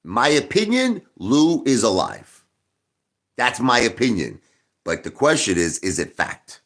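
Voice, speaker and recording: A man's voice: medium pitch, big pitch swings, a little slow, a bit bright. A man hosting a live stream, arguing with viewers in a combative way and repeating his points again and again. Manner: combative, repeats himself, talks straight to viewers. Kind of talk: livestream rant.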